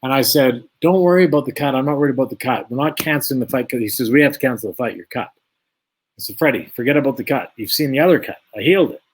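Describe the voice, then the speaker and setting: Fast and breathy, with a mid-range voice, a former boxer runs through a long story about boxing during an interview. He acts out every exchange from both ends, keeping the anecdote lively.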